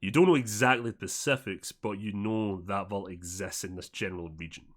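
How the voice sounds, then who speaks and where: A man's voice: on the low side, steady tone, brisk. Rambling man running a tabletop game. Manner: rambling, fillers like "like", improvising. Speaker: game master.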